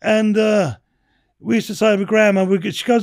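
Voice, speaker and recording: A man's voice: high-pitched, steady tone, moderate pace, darkish tone. A man in his sixties telling rambling stories as a podcast guest, swearing and dropping "you know what I mean" throughout. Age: 60s. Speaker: podcast guest, former bare-knuckle boxer. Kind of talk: casual interview storytelling.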